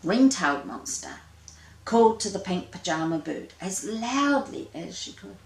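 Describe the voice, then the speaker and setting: Slow woman reading a children's story. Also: fairly low pitch, big pitch swings, roomy sound, poor audio. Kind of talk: children's story read-aloud.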